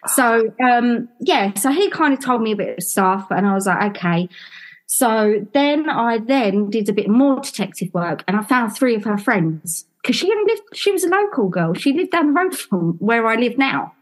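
A woman's voice: fairly high pitch, moderate pace, few pauses. A woman from London, a podcast guest, telling her story casually and acting out the dialogue. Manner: animated, acts out quoted dialogue.

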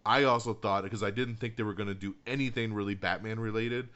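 Excitable man retelling a film, lo-fi. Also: lowish voice, fast talker. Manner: animated storyteller, acts out quotes, laughs often, swears. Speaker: podcast co-host reviewing a film. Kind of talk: casual chat.

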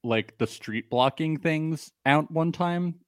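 A man's voice: on the high side, slow pace, no room sound, clean studio sound. A young man co-hosting a casual podcast, telling stories with lots of filler words and frequent laughter. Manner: rambling storyteller, heavy use of "like", laughs often. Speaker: podcast co-host. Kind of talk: casual chat.

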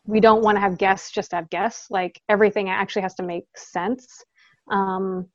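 A woman's voice: medium pitch, steady tone, normal speed, no echo, dull audio. A woman guest talking casually in an interview, chatty, with frequent laughs and fillers, over a video call.

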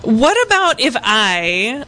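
A woman hosting a podcast, interviewing guests with eager, quick questions. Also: a little high, big pitch swings, pushed and bright, a little hiss or hum. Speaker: podcast host.

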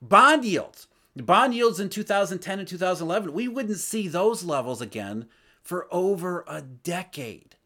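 A man giving solo market commentary, emphatic, asking rhetorical questions as he explains. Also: normal speed. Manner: emphatic, rhetorical questions, lively swings in pitch and loudness. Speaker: financial commentator.

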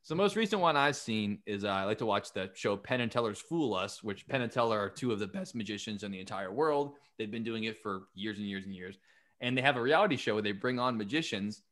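A man hosting a podcast, chatting casually and excitably, and swearing freely. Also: lowish voice, fast. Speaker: podcast host. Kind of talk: casual chat.

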